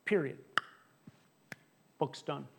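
A man preaching a sermon as pastor, conversational and animated, acting out quotes and often restarting his words. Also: drawn-out words. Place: church sanctuary.

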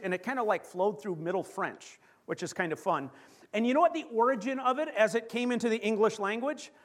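Canadian male pastor, very high voice, lively sermon delivery, calls out questions to the room. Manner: lively preaching with rhetorical questions and stressed slow phrases.

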